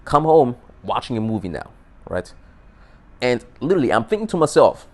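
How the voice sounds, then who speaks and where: A man's voice: mid-range voice, normal speed. A man telling a dating story in a casual, profane monologue, often repeating and restarting words. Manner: animated, emphatic. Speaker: dating advice vlogger.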